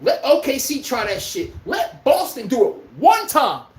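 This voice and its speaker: Animated man ranting in an echoey room. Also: very high voice, a little slow. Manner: animated, profane, incredulous. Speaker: podcast host. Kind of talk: heated sports rant.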